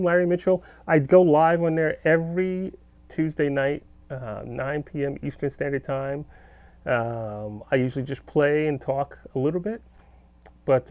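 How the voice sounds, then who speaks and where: Gravelly middle-aged guitarist chatting. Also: male voice, fairly high pitch, no echo. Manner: rambling, answers viewer comments aloud. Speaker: guitarist hosting a live stream. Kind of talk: casual live-stream chat. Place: home studio.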